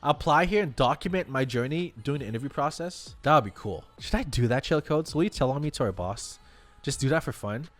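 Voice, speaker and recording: Excitable young man streaming to chat. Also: medium pitch, fairly quick, faint music behind. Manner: excitable, exclaiming and talking to chat. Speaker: streamer and web developer. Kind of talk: live stream chat, reacting to salary data.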